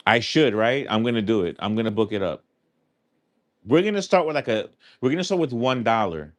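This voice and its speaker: A man's voice: medium pitch, animated, brisk, no room sound, studio quality. A man with a New York accent, casually chatting with his viewers on a livestream and answering their questions as he goes. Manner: chatty, answers chat aloud, loose and rambling. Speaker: livestream host. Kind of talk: casual live chat with viewers.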